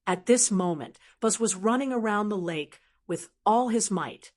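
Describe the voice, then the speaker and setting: A woman narrating a fantasy audiobook in a steady, even reading voice. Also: medium pitch, unhurried. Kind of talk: scripted narration.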